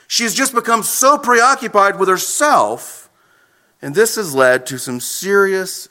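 A man delivers a sermon in an expressive, animated way. His voice sits high for a man and rises and falls a lot. The tone is bright and forward. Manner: expressive preaching, acts out quoted lines. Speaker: pastor.

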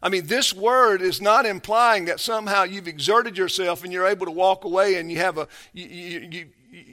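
A man preaching a sermon, emphatic and drawn out, who swings between hushed and forceful passages and often repeats himself. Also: high-pitched, normal speed. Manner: repeats words and restarts often. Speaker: pastor.

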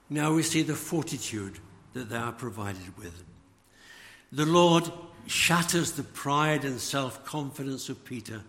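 A man preaching a sermon, slow and emphatic, letting phrase ends fall away. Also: medium pitch, a bit bright. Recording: long church reverb.

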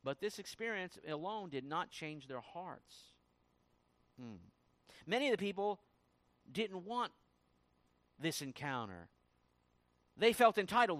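A man preaching a sermon in a high, very lively voice that climbs and drops with every point. He swings from booming emphasis to quiet, low asides. The sound is close and dry, with no room around it. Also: takes it slowly, long pauses, no room sound. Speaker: pastor.

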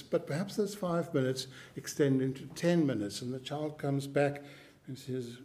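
A man preaching a sermon, slow and emphatic, repeating key phrases and clearing his throat now and then. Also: mid-range voice, a little mellow.

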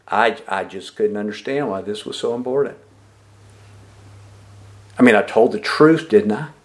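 A pastor preaching a sermon, asking the congregation questions and repeating their answers back. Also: male voice, lowish voice, normal speed. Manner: emphatic preaching with lively rises and drops.

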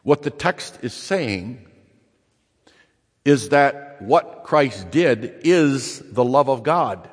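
A man preaching a sermon, emphatic, repeating key phrases and slowing down to stress them. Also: mid-range voice, lively intonation, husky. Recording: long reverb in a large hall.

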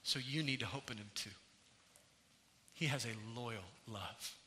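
Pastor, male, earnest sermon delivery, sharp bright tone, reverberant hall sound. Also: mid-range voice, a little slow, a little hiss or hum. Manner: earnest preaching, rising and falling in intensity. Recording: church hall with long reverb.

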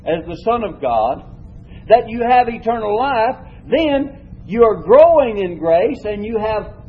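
A fairly high, husky male voice delivers a Bible lesson at a measured teaching pace. He leans on single words as he reads verses aloud. The recording sounds dull and lo-fi. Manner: measured teaching, reads scripture slowly with shifting emphasis.

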